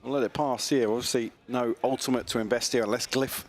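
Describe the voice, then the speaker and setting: A man giving measured analysis as co-caster on a live esports broadcast. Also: medium pitch, fairly even intonation. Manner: measured, analytical, quick laughs. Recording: noisy live broadcast feed.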